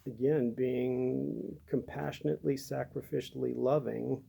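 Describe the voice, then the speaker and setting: Male pastor, gentle halting delivery, mellow tone with heavy fry. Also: mid-range voice, steady tone. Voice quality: gravelly. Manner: gentle, halting with many fillers. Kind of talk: devotional talk to camera.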